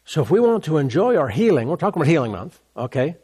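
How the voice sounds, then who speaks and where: A man's voice: on the high side, sing-song, fast, dark tone, breathy edge. A male pastor preaching a sermon, repeating key words for emphasis and asking rhetorical questions.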